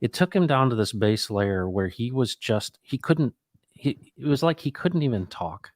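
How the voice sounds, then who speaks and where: A middle-aged man hosting a casual talk, reflective and animated, acting out the people in his stories. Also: medium pitch, moderate pace, no room sound, clean studio sound. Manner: animated, acts out quoted dialogue; reflective, faith-minded musing. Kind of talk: casual conversational storytelling.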